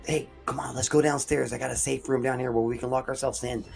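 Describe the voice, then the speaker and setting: A man's voice: medium pitch, steady tone, quick pace, gravelly, soft background music, close to an everyday voice. A man voicing a brave, commanding young woman in a retold horror story. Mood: urgent. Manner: urgent, bossy.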